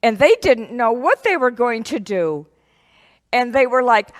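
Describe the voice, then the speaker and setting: Slow, lively woman telling kids a Bible story. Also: fairly high pitch. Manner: animated, slow and expressive, speaking to children. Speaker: children's ministry teacher. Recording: echoey hall.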